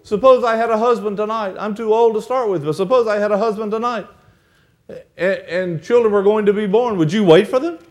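Preacher guy doing an older widow lady, pushy and pleading, voice pitched way up. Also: brisk, lightly acted. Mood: pleading insistent. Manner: insistent, pleading. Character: older widowed woman urging her daughters-in-law home. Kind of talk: sermon storytelling.

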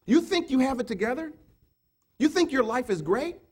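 A male preacher with a high voice that leaps all over the place. He fires rhetorical questions at his congregation over and over, pushing loud one moment and dropping to a murmur the next. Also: big pitch swings, normal speed, husky. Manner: swings from loud urging to low murmured quotes. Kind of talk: sermon.

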